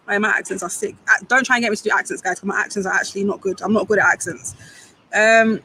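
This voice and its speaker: A young woman chats brightly on a live stream, reading out viewers' comments and firing back playful banter. She is from Grenada and Saint Vincent and speaks outdoors by a football ground, with faint traffic humming behind her. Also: mid-range voice, a little fast, low-quality recording. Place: outdoors near a football stadium.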